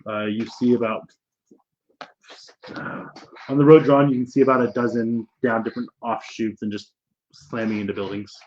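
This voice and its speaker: A man's voice: lowish voice, flat delivery, moderate pace, pauses often, lo-fi sound. A man running a tabletop game as game master, narrating loosely with swearing and restarts.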